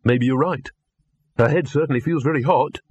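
A man's voice: mid-range voice, moderate pace, darkish tone, breathy edge, no echo, highs cut off, voice pushed up, close to an everyday voice. A man voicing an earnest, nervous young man who keeps asking uneasy questions.

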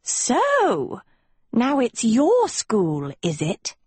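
A woman's voice: on the high side, big pitch swings, a little slow, a little mellow, slightly rough, no echo, pitched above the performer's own voice, exaggerated voice. A woman voicing a teenage girl turned villain in an audiobook, silky, taunting and coldly sweet. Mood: shrill indignant. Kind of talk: audiobook character reading.

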